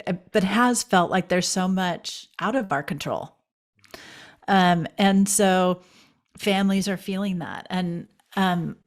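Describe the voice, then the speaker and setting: Gravelly-voiced woman moderating a webinar. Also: fairly low pitch. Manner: friendly, loose, with fillers and "right?". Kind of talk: moderating an online talk.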